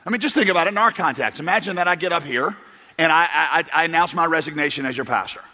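A man's voice: on the high side, fast talker, bright, forceful tone. Man, pastor, sermon, chuckling storyteller, lingering echo of a big church hall. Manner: rambling storyteller, chuckles and restarts. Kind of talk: sermon with humorous stories. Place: church auditorium. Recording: long reverb of a large hall.

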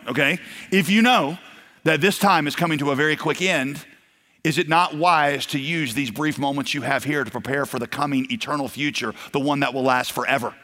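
A man's voice: a little high, pushed and bright. A man preaching a sermon in a conversational way, acting out the quoted voices of his stories. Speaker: pastor. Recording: long hall reverb.

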